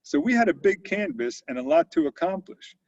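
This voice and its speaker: A man's voice: high voice, lively intonation, brisk, creaky, a little mellow, dry recording. A man in his sixties, a company CEO, telling stories in a conversational interview, with lots of fillers and restarts. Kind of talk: storytelling in an interview. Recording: dull lo-fi audio.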